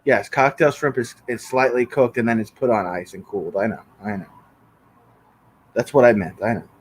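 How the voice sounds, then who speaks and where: A man's voice: medium pitch, fairly even intonation, normal speed, a little hiss or hum. A man livestreaming from his bedroom, casually arguing with viewers in chat and swearing often. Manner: profane, bickering with chat. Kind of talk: casual live stream chat reading comments.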